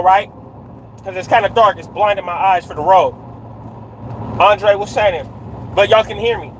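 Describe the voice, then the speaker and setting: A man with a fairly high voice tells a street story in loose slang from his car on a dark night road, ending lines with "right?". Faint road and car noise hums under his phone-mic voice. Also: low-quality recording. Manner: street slang, frequent "right?" tags, greets viewers mid-story. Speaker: livestreamer telling a story. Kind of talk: casual storytelling livestream.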